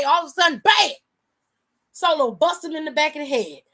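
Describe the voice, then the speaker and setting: A high-voiced woman hosting an aftershow, recapping in loose casual slang. She tells it with lots of animation and jumps into the voices of the people she quotes. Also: lively intonation, brisk, bright, forceful tone. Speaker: show host.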